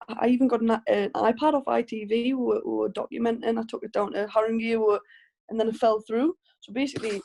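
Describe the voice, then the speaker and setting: A Geordie woman speaks over a video call as a guest in a casual interview. Her voice is dark and mellow with a gravelly fry running through it. She tells her stories in a relaxed, chatty way, restarting her sentences often. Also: on the high side. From Northeast England. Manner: chatty storytelling with frequent restarts and laughs. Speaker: professional boxer, guest.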